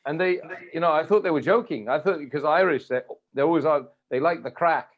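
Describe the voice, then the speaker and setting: A man hosting an interview, telling an animated personal story in a casual, chatty way. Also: fairly high pitch, brisk. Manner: animated anecdotal storyteller, laughs often. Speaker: host. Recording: dull lo-fi audio.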